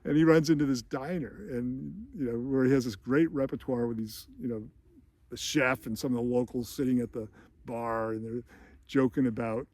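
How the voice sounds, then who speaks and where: A man's voice: medium pitch, mellow. A man hosting a podcast, retelling a film sequence in a loose, chatty way with lots of fillers and small laughs. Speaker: podcast host. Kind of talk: casual film commentary.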